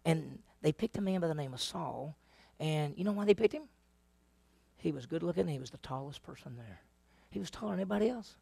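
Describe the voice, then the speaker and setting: A man with a fairly high, creaky, husky voice teaches a Bible lesson at a fairly quick pace, with no echo. He tells the stories energetically, quizzes the class, and acts out the voices.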